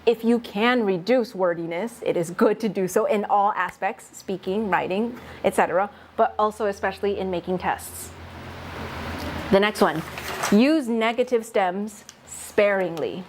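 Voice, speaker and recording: A woman's voice: mid-range voice, normal speed, slight background noise. A woman leading a teaching workshop for faculty, explaining test writing patiently with worked examples and light laughs. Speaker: faculty development presenter.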